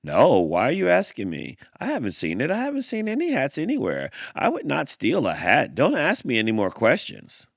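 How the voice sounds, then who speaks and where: A man's voice: medium pitch, huge pitch swings, creaky, no room sound, clean studio sound, heavily acted. A man doing a jittery, defensive rabbit. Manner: rushed, over-insistent denials.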